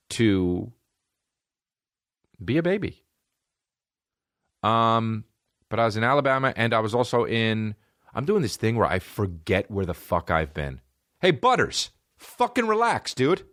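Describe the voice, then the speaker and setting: A man's voice: mid-range voice, fairly bright tone, no echo. A man hosting a podcast, delivering a rambling, profane, jokey comedic monologue in a studio. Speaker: podcast host.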